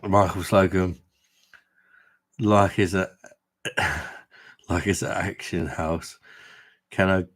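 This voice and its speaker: A man with a very low voice hosts a relaxed beer livestream from a room at home. He banters loosely and reads out comments from his viewers. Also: slow pace, long pauses. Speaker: beer review livestream host. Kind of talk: casual livestream chat.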